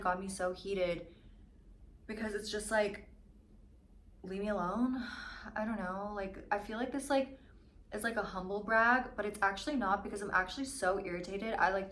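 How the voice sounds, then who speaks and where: A woman in her twenties ranting casually in a storytime vlog, full of "like" and swearing, mimicking other people in quick asides. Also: mid-range voice, fairly bright tone. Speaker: vlogger. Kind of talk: mukbang storytime rant. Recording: slightly echoey room with faint ambience.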